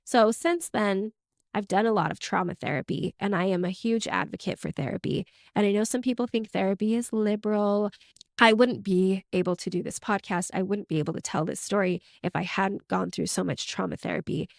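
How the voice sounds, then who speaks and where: A woman's voice: mid-range voice, brisk, creaky, dry recording. Young woman podcaster telling her story, emotional, lots of likes, dry close mic. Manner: emotional, open, frequent "like" fillers. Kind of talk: candid personal storytelling.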